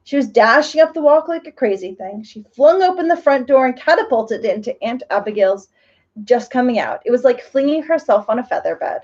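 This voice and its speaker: A woman reading a children's story aloud, gently and slowly with expressive phrasing. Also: fairly high pitch, dull audio.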